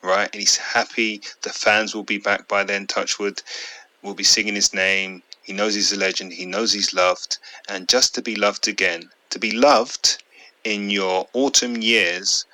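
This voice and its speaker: Bright-voiced blunt man on a football podcast. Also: on the low side, fairly even intonation, moderate pace, no room sound, poor audio. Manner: opinionated, blunt, swears freely. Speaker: podcast co-host. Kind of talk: casual football podcast chat.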